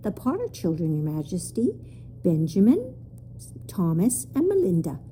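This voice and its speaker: A woman voicing a formal, stern male royal servant in a storybook reading, speaking quietly. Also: on the low side, huge pitch swings, moderate pace, slight background noise, rough recording.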